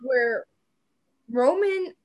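A woman with a high voice co-hosts a casual podcast recap. She talks bluntly, with sarcasm and plenty of swearing, mocking the characters as she goes. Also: expressive, drawn-out words, darkish tone, a little hiss or hum. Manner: blunt, profane, sarcastic retelling. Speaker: podcast co-host.

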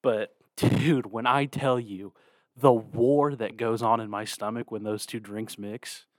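A man's voice: on the low side, steady tone, unhurried, dry recording, studio quality. A young man hosting a podcast in a casual, laid-back way, saying "dude" and "like" a lot. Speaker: podcast host. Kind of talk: casual chat.

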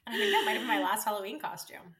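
A young adult woman co-hosting a podcast, chatting casually with a friend in an animated, teasing, mock-outraged way. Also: mid-range voice, racing. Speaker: podcast co-host. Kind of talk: casual chat between friends.

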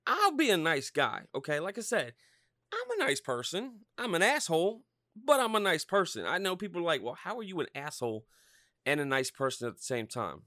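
A man's voice: on the high side, very animated, fairly quick, sharp tone, dry recording, clean studio sound. A man from Pennsylvania hosting a solo podcast, ranting heatedly and swearing constantly. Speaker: podcast host.

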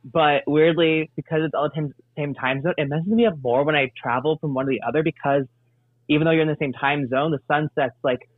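A man's voice: fairly high pitch, steady tone, fairly quick, no echo. Easygoing young man over a phone line. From Indianapolis, USA. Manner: easygoing, meandering. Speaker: comedian guest. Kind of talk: casual interview chat. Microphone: phone call. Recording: dry tinny phone line.

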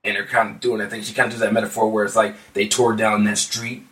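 A man's voice: on the low side, little pitch movement, quick pace, fairly bright tone, reverberant, distant mic. A man co-hosting a casual music podcast, rambling with many fillers and restarts. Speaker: podcast co-host.

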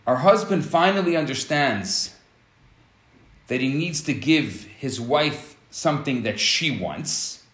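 A man's voice: a little high, fairly bright tone, echoey room. A man giving a relationship teaching talk who explains step by step and acts out scenarios.

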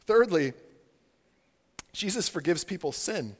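A man preaching a sermon with a fairly high, very lively voice that leaps up and drops down as he acts out quoted voices. His talk is casual and loose, full of "like". The long reverb of a church hall trails behind each phrase. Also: normal speed. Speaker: pastor.

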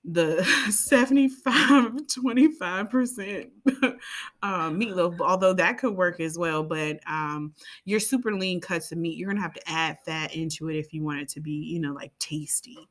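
A woman's voice: lowish voice, normal speed. A woman co-hosting a podcast in a casual, chatty way, rambling into side tangents and playful asides. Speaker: podcast co-host. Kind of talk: casual chat.

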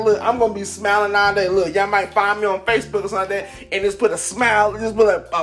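A man hosting a casual, upbeat motivational talk, rambling excitedly with lots of fillers. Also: high voice. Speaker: podcast host. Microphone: camera mic.

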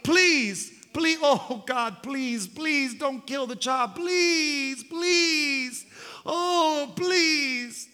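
A man's voice: extremely high pitch, takes it slowly, bright, forceful tone, pitched above the performer's own voice, full character voice. A man voicing a desperate mother who begs and sobs for her child's life. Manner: sobbing, frantic pleading. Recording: long hall reverb.

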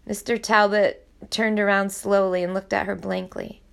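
A woman narrating a novel aloud in a steady, even storytelling voice. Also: mid-range voice, moderate pace, vocal fry. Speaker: audiobook reader.

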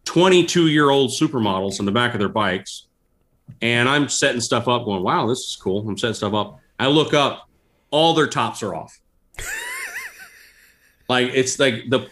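A man telling stories in a casual interview, animated and laughing as he goes. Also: mid-range voice. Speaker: guest. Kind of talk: casual storytelling.

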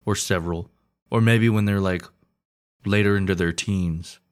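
A man's voice: deep voice, steady tone, moderate pace, smooth. A man co-hosting a casual podcast, chatting in wry, rambling asides. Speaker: podcast co-host. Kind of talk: casual chat.

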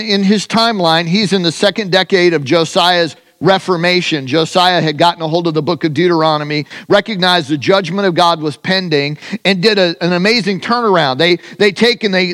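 A man preaching a sermon as pastor, animated, swinging between loud emphatic highs and hushed, conversational lows, with casual asides and restarts.

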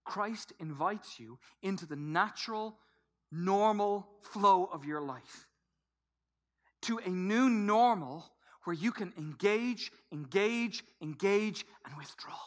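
A man preaching a sermon to a congregation, swinging from hushed whispers to loud emphatic bursts. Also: high voice, animated, slow pace. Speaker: pastor.

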